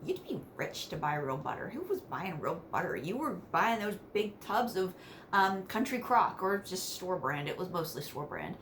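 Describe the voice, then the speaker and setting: This is a woman from West Virginia vlogging to camera, her voice fairly low and her speed normal. Chatty and casual, she laughs between sentences and throws in animated asides while sharing family stories, with a slight hiss or hum in the background.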